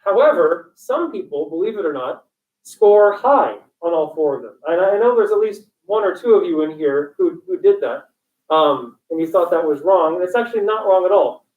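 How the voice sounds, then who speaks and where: High-voiced joking male lecturer, echoey room. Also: expressive, normal speed. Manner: joking, digressive, quizzes students. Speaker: college instructor. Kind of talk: classroom lecture. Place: classroom. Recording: echoey classroom, distant dull mic.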